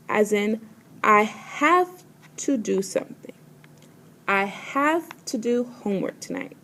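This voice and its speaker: A woman teacher leading a vocabulary pronunciation lesson, saying each word carefully and repeating it. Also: fairly high pitch. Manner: slow, careful pronunciation with words repeated twice.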